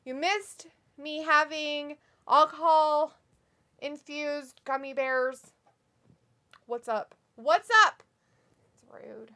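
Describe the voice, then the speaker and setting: High, bright-voiced giggly woman streamer. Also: very slow. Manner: giggly and animated, often laughing and reacting loudly. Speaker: co-host of a wrestling watch-along stream. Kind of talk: casual chat, reading chat comments aloud.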